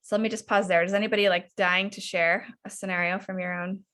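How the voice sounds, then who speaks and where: Bright-voiced woman coach on a video call. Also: mid-range voice, fast talker. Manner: animated, frequently acts out parent and child lines. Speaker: parenting coach leading a workshop. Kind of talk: online workshop teaching.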